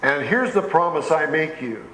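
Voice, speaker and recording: A male pastor preaches a sermon in a slightly high voice that echoes around a reverberant church sanctuary. His intonation is lively and his speed normal as he spins folksy, homespun stories and builds emphasis whenever he quotes scripture. A faint room hum lingers in the background.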